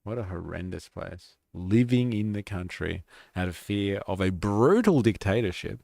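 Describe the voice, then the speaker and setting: Low gravelly man, sarcastic live host. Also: lively intonation, moderate pace, a little mellow, no echo, studio quality. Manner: sarcastic, mocking asides. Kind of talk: reading aloud with sarcastic commentary.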